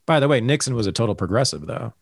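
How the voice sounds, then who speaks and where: A man hosting a casual political talk show, ranting in an animated, sarcastic way. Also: mid-range voice, fast, vocal fry, slightly rough, dry recording, studio quality.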